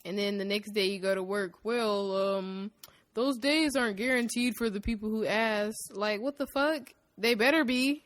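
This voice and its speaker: A woman's voice: medium pitch, normal speed, a bit bright. Blunt, emphatic woman in casual chat. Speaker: podcast co-host. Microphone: shared mic.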